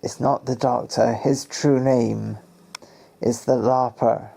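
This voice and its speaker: A man's voice: mid-range voice, steady tone, takes it slowly, creaky, warm tone, husky. A man giving casual, playful commentary on a TV episode, spinning fan theories and acting out characters' lines.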